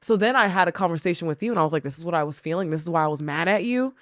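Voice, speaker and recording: A woman's voice: lowish voice, expressive, very fast, fairly bright tone, no echo, clean studio sound. A woman on a podcast, speaking candidly and reflectively about personal struggles, often voicing her own past thoughts. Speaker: podcast guest, co-host wife. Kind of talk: candid conversational storytelling.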